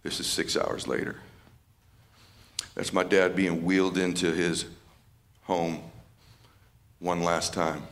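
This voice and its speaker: A man's voice: low voice, flat delivery, slow, pauses often, a bit bright. A man giving a live motivational speech at an event, fervent and repeating phrases for emphasis. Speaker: motivational speaker.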